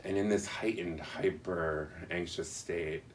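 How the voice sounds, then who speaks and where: A man in an interview telling a personal story in an earnest, halting, reflective way. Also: deep voice, steady tone, recorded from a distance, slight background noise.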